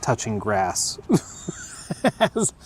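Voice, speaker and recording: A man's voice: mid-range voice, huge pitch swings, very slow, a little hiss or hum. A man hosting a gaming channel, chatting casually outdoors, loose and self-amused, chuckling as he rambles.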